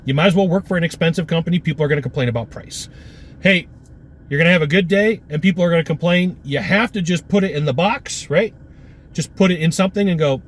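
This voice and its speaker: A man giving an energetic, punchy sales coaching talk with lots of repetition. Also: on the high side, quick pace, slight background noise.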